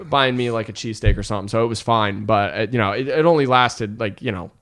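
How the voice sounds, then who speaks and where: A man's voice: lowish voice, fast, fairly bright tone. A man in his thirties, a comedian guest, telling a story in casual chat, rambling and self-deprecating, filling his talk with "like". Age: 30s.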